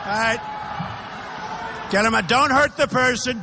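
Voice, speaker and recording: A man's voice: very high voice, a little slow, noisy background. A man giving a campaign rally speech, talking emphatically and repeating himself as he speaks directly to the crowd in a large indoor arena. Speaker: political candidate. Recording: echoey arena reverb.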